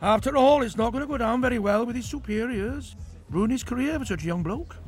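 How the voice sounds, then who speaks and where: Breezy barman, high and loud; narrator puts him on in a storybook. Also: a little fast, faint music behind. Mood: reassuring. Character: chatty pub barman, reassuring.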